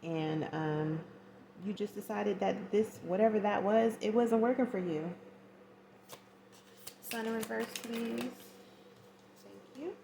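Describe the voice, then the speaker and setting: A woman's voice: medium pitch, slow, creaky, pauses often, mellow, a little hiss or hum. A woman giving a casual tarot reading, chatty and slangy, acting out little scenes as she goes. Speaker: tarot reader.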